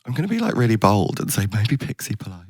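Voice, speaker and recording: English male podcast host; playful, laughs a lot, very lively intonation. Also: on the low side, dry recording. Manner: playful, laughs often, quick bursts of cheering. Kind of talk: casual chat.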